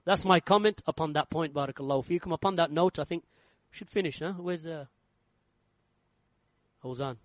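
A man's voice: fairly high pitch, fairly quick, long pauses, no echo. A man giving an emphatic religious lecture, hammering points through repetition. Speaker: Islamic lecturer. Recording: dull lo-fi dry recording.

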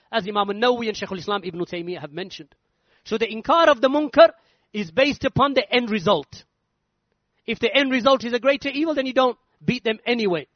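A man with a strikingly high voice delivers a religious lecture, pressing each point home with emphatic repetition. The recording is dull and lo-fi, with a dry, close sound and no room echo. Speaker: Islamic lecturer.

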